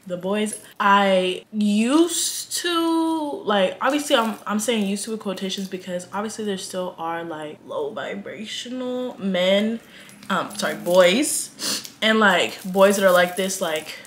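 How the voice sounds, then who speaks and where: A twenty-year-old woman from Atlanta, Georgia, talks to the camera in a vlog, her Southern accent coming through as she chats dramatically and packs in slang. Her voice sits at a medium pitch and moves at a slow pace. There's slight background noise.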